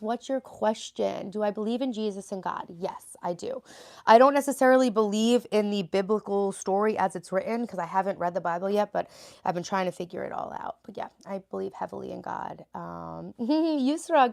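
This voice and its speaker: A woman's voice: medium pitch, steady tone, a little fast, gravelly, a little mellow. A middle-aged woman livestreaming from home, chatting casually and answering viewer comments as she goes. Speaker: livestreaming vlogger mom. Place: at home, cluttered room.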